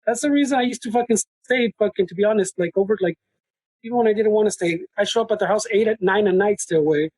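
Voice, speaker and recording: Husky high-voiced Chicano man. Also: fast, a little mellow, dry recording, rough recording. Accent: Chicano English. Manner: profane, laughing storytelling; mixes Spanish and English. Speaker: podcast co-host. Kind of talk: casual conversation. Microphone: video call.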